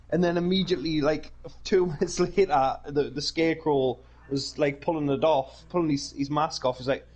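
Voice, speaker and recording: A man's voice: a little high, brisk, husky. A man co-hosting a podcast in casual chat, enthusiastic and laughing a lot. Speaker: podcast co-host.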